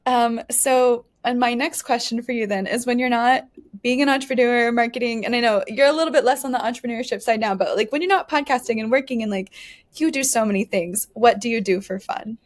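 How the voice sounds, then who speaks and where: A woman's voice: on the high side, brisk. A woman co-hosting a podcast, asking questions in a friendly, upbeat way and laughing now and then. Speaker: podcast co-host. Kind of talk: casual interview.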